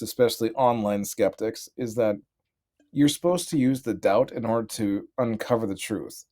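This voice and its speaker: A man in casual chat, laying out a measured, reasoned argument. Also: mid-range voice, mellow. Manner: measured, reasoned, argues a point. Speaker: podcast co-host.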